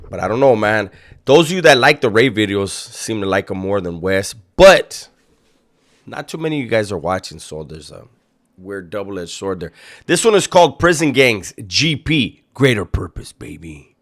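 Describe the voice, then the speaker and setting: A man's voice: on the low side, big pitch swings, normal speed, a bit bright. A man hosting a reaction video, making sarcastic, profane and mocking commentary. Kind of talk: casual commentary.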